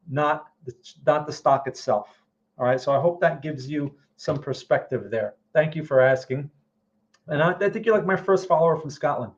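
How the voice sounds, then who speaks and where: A man's voice: on the high side, a little mellow, muffled recording. A man hosting a trading channel, answering viewer questions in casual live-stream market commentary. He is blunt and skeptical, repeats words often, and keeps checking in with "okay?" and "right?".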